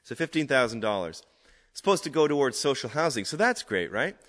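A man giving a conversational, animated sermon as a preacher. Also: medium pitch, a little fast. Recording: echoey hall.

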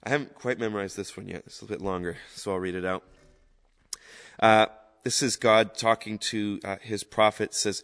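Starting off relaxed and meandering, this guest sermon from a male Salvation Army minister rises to loud, fervent emphasis. He speaks at a moderate pace in a steady, lowish voice, and a long reverb tail trails his words.

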